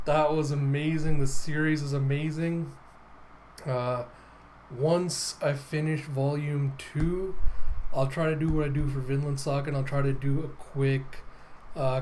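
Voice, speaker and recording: A man hosting a casual comic readthrough, excitable and enthusiastic, laughing often. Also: a little high, slight background noise, rough recording. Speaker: host.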